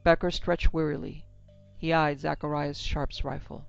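A woman narrating a classic horror story in a steady, measured, dramatic way. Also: deep voice, vocal fry. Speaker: narrator and producer. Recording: slightly dull lo-fi with music.

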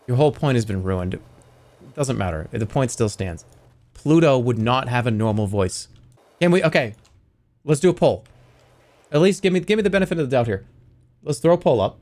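A man streaming casually, arguing playfully with his chat. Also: mid-range voice. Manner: argumentative, animated banter with chat. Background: faint music.

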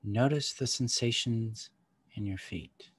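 A man leading a guided somatic meditation, giving slow, calm, soft-spoken instructions with long pauses. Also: lowish voice, breathy edge, dry recording.

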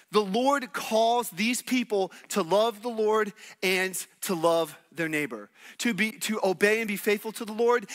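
An animated male pastor preaching with playful energy and acting out the characters. His voice sits high and rings bright and forceful. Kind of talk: sermon.

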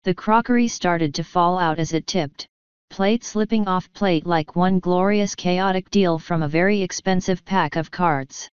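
A woman narrating a comic fantasy audiobook in a steady, lightly wry storytelling manner. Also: fairly low pitch, a little slow, smooth, no room sound, muffled recording.

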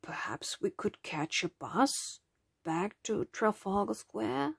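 A woman voicing a proud, gentle male stone lion in a storybook reading, soft-spoken. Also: mid-range voice, sing-song, takes it slowly, creaky, husky, no room sound, studio quality, full character voice.

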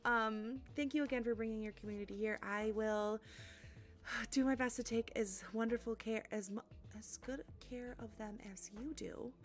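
A woman streamer chatting casually with her live audience, bubbly and giggly, thanking viewers warmly. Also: fairly high pitch, steady tone, moderate pace. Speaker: game streamer. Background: faint lo-fi music.

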